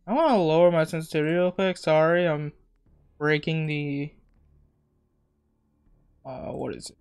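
A man's voice: a little high, normal speed, a little mellow, smooth. A man giving casual, profane, joking commentary while playing a video game, talking to himself as he goes. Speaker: gamer. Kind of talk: casual let's-play commentary.

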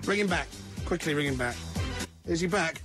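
Radio host guy, high voice, quick jokey banter, music playing under him. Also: lively intonation.

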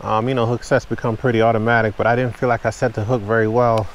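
A man filming his own fishing trip from a kayak in pouring rain, chatting casually to viewers and getting excited whenever a fish bites. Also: mid-range voice, fast talker, a little hiss or hum. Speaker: fishing vlogger. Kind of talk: casual on-the-water commentary. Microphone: camera mounted on the kayak.

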